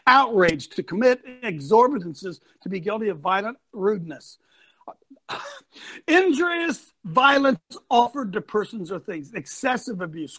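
Guy hosting a talk show, high voice, preachy rant, dry close sound. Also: dry recording. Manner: loud, ranting, shouts and laughs. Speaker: host.

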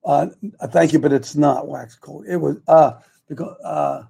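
A man's voice: fairly high pitch, fairly even intonation, a little slow, vocal fry, warm tone, slightly rough. A man hosting a live talk show, rambling and losing his train of thought as he speaks.

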